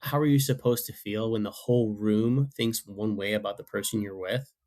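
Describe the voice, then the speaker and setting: A man's voice: on the low side, moderate pace, warm tone. A man appearing as a podcast guest, chatting casually with hesitant restarts. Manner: hesitant, repeats words while thinking. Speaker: guest, former reality show contestant. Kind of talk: casual chat.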